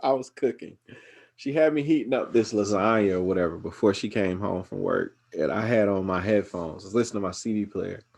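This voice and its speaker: A young podcast host from Georgia chats casually, telling stories with animation and acting out other people's voices, including his mom's. He speaks fairly quickly in a fairly low voice with vocal fry.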